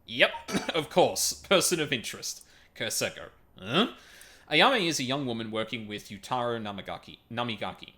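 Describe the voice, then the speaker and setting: A man's voice: mid-range voice, expressive, brisk, pushed and bright. A man streaming a video game, reading its text aloud and stumbling over unfamiliar words, with casual sweary asides.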